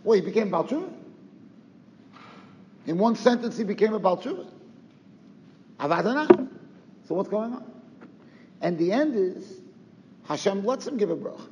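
Lecturing on Torah, a man uses a high voice with big pitch swings, moving at normal speed with long pauses between rhetorical questions and Yiddish and Hebrew expressions. The audio sounds dull and lo-fi, with roomy reverb and faint noise.

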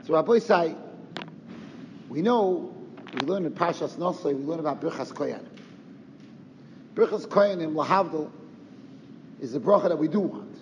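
High-voiced man teaching in an echoey hall. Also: normal speed, pauses often. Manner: lively rhetorical questioning with Yiddish and Hebrew terms. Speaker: Torah teacher. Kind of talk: Torah lecture. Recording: roomy reverb, dull lo-fi sound, faint noise.

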